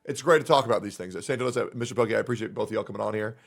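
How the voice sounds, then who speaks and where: A man's voice: on the low side, racing, gravelly. A man moderating a streamed debate, asking guests questions and turning to chat. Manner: addresses chat, wraps up politely.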